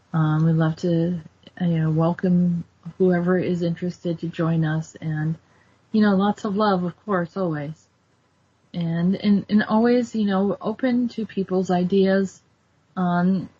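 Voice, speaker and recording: A woman hosting a casual talk show, rambling warmly with lots of fillers and restarts. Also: on the low side, husky. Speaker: show host. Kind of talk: casual chat. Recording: dull lo-fi sound.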